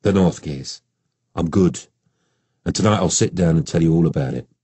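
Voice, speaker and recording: A cheerful Geordie detective from an audiobook, played by a man in a low, husky voice. He talks briskly and breezily. The recording is dry and close. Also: dark tone, dry recording. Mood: breezy. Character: upbeat Newcastle police detective, husband and father.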